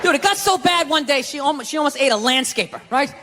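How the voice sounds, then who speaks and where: A male stand-up comedian on stage, ranting and swearing with sudden shouted bursts. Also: very high voice, lively intonation, fast talker, very noisy. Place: large comedy venue on stage. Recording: live hall with loud audience. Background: audience laughter.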